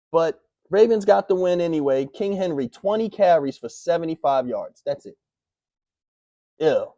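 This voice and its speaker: A man ranting through a sports recap in loose slang and a stream of curses. His voice is dark and mellow, and he flares up into sudden outbursts. The sound is dry and close, with no room around it. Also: a little high, expressive, no echo. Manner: heated, profane, slangy, rapid outbursts. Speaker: sports picks show host. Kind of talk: casual sports recap rant.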